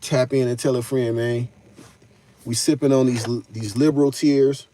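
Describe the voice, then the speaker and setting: A man with a mid-range voice hosts a live stream, keeping a steady tone and moderate pace over some background noise. His commentary is casual and slangy, and he talks straight to his chat and answers it.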